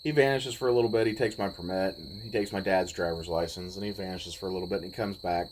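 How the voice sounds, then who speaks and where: A man in his forties, telling a personal story in a laid-back, rambling way with pauses. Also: low voice, steady tone, a little hiss or hum, poor audio. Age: 40s. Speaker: vlogger. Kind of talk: casual storytelling.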